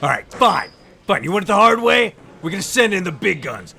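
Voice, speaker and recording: A man playing a gruff, threatening male cop in an improv comedy sketch. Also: sits high, big pitch swings, fairly quick, pushed and bright, pitched above the performer's own voice, full character voice. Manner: threatening, barking. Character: gruff tough-guy male cop interrogating.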